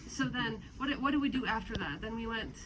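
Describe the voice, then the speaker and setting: A woman's voice: on the high side, lively intonation, fairly quick. A woman casually recounting a night out, rambling and chatty with frequent laughs. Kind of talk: casual storytelling chat. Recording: noisy crowd around.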